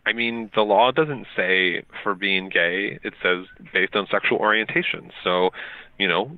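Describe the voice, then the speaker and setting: A man calling in as a radio show guest, explaining at length in a measured way with frequent ums and restarts. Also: fairly low pitch, fairly even intonation. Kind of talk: explanatory talk-radio interview. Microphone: phone call. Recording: tinny phone line.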